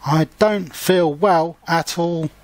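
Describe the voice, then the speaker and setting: A weary old uncle mouse who pants and grumbles that he feels poorly, read by a man. The delivery is slow, in a slightly high voice, recorded close and dry. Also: dry recording. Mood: resigned. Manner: panting, weary complaints. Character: older male mouse, tired, unwell, grumbling.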